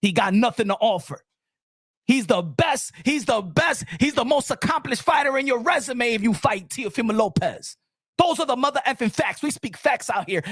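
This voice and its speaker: A man hosting a boxing channel's live stream, ranting in a loud, heated voice and repeating lines for emphasis in profane street slang. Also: extremely high pitch, lively intonation, moderate pace, dry recording, studio quality.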